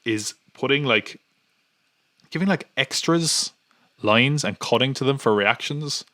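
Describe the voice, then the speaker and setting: A man's voice: mid-range voice, unhurried, pushed and bright, no room sound, studio quality. A man hosting a podcast in casual chat, rambling and nitpicking with many restarts. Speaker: podcast host.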